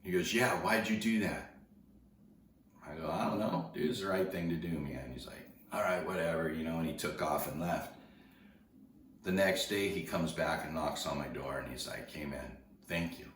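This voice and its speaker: In casual storytelling, a man rambles conversationally through a personal tale, restarting repeatedly and acting out the dialogue he quotes. His voice rumbles low at a normal speed, captured from a distance in an echoey room with slight background noise.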